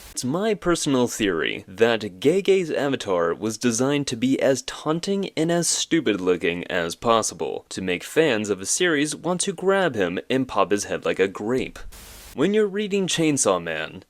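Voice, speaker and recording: A man's voice: mid-range voice, very animated, moderate pace, dry recording. A man in his twenties hosting an animation channel, giving joking, self-deprecating comedic commentary.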